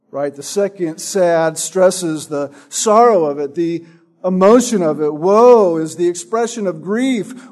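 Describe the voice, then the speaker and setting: A man preaches a sermon, teaching from a Bible passage in a slow, emphatic, drawn-out way. His voice sits on the high side with a darkish tone.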